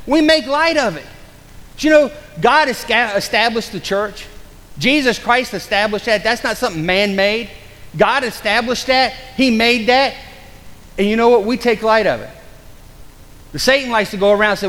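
Male pastor, high voice, urgent-to-hushed sermon delivery, big church reverb. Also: normal speed. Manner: swings between loud urgent preaching and low hushed warnings; acts out excuses in mocking quoted voices. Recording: long hall reverb.

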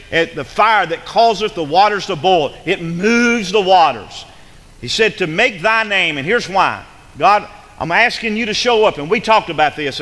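Emphatic man preaching in a reverberant hall. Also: high voice. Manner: emphatic, repeats words, swings from shouting to hushed. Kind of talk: sermon.

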